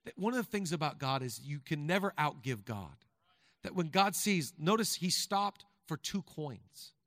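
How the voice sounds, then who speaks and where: A man preaching a sermon as pastor, talking conversationally with the congregation and building to fervent shouting. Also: on the high side, expressive, moderate pace, no echo, clean studio sound, long reverb tail. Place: large church hall.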